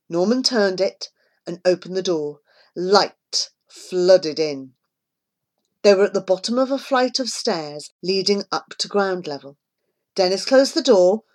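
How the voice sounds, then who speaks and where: Slow, expressive woman reading a story. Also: fairly low pitch. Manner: measured, expressive. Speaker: narrator.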